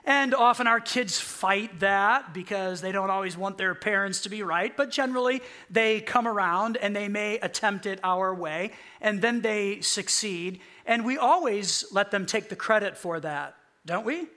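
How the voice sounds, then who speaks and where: Male pastor, animated sermon delivery, high bright voice, playful sarcasm in quotes. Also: measured pace, hardly any pauses.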